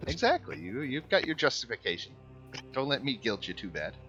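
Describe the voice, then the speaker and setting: A man running a tabletop game as dungeon master, talking in a relaxed way with many fillers and chuckles. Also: medium pitch, a little fast, dull audio, faint music behind.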